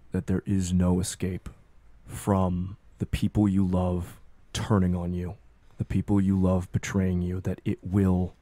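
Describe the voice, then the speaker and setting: Guy running a horror tabletop game, really low even voice, dark tone, dry close sound. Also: no room sound. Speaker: game master.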